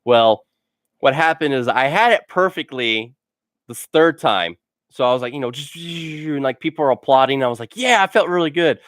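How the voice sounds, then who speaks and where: A man tells his funny stories in a loose, rambling way, with "like" after almost every few words and a laugh at his own jokes. His voice sits at an ordinary middle pitch. It is recorded dry, with no room sound. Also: moderate pace, fairly bright tone, no echo. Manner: rambling, full of "like" fillers. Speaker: gaming channel host. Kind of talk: casual storytelling vlog.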